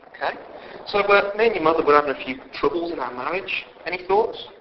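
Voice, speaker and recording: A man preaching a sermon in a church hall, lively and conversational, acting out quoted voices. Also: a little high, quick pace. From England. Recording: dull lo-fi sound with faint background hiss.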